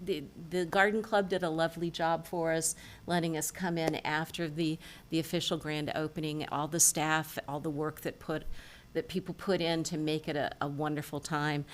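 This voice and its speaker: A low-pitched woman speaks at a council meeting in a relaxed, chatty way. Her remarks wander with small restarts. Faint hiss sits under the voice. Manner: chatty, tells jokes with put-on voices. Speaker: city council member. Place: council chamber.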